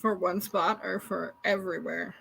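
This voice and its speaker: A woman's voice: on the low side, fairly even intonation, normal speed, creaky, a bit bright, slightly rough, rough recording. A woman hosting a casual podcast interview, easygoing and chatty. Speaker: podcast host.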